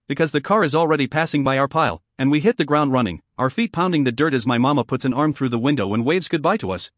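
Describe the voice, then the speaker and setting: Expressive male audiobook narrator. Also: on the high side, no room sound, studio quality. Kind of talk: first-person fiction narration.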